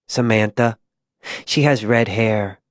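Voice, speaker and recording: A man voicing a six-year-old frontier girl who asks soft, childlike questions. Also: lowish voice, takes it slowly, dry recording, clean studio sound. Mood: innocent.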